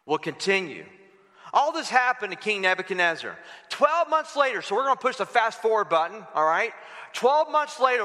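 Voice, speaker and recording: A man's voice: sits high, bright, forceful tone, big-room sound. A man preaching a sermon in a church, calling out to the congregation for responses as he reads scripture. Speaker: pastor. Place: church hall.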